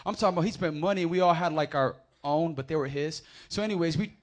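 A man preaching a sermon, swinging from loud emphatic scripture readings to quiet, casual storytelling. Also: quick pace. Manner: builds to loud emphatic proclamations, then drops low for anecdotes.

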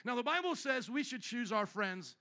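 A man's voice: very high-pitched, normal speed. A male pastor preaching a sermon in church, teasing and joking with the congregation. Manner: playful, teasing, animated preaching. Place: church sanctuary.

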